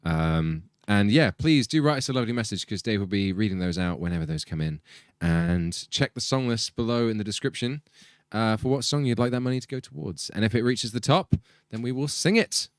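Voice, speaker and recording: Stream host, man, low voice with lively swings, dry close sound, friendly. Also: a little fast, hardly any pauses, dry recording. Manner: friendly, thanks viewers for donations. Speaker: band member hosting a live stream. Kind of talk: casual stream chat.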